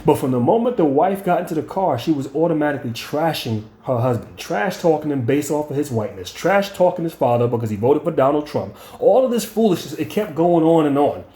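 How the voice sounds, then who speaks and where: A man delivers a profane, blunt storytelling rant, stumbling into repeated words when he gets heated. His voice sits a touch high yet sounds mellow and relaxed. The room around him rings with echo. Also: fairly quick, few pauses. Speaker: channel host.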